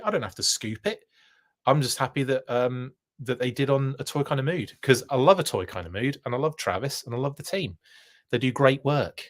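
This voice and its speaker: A man's voice: medium pitch, fairly bright tone. A man hosting a live podcast, chatting casually and reading viewer comments, rambling with plenty of fillers and playful jokes. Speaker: podcast host.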